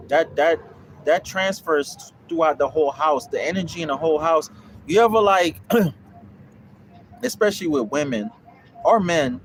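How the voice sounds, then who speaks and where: Background noise sits behind this young man's fairly high voice as he livestreams answers to viewers. He runs a land investing course and preaches in a casual, blunt style, full of swearing and repetition.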